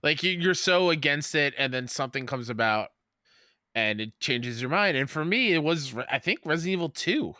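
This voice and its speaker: Bright, enthusiastic young-sounding man. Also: on the high side, animated, no echo, studio quality. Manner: enthusiastic, quick to laugh. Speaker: podcast co-host. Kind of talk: casual podcast chat.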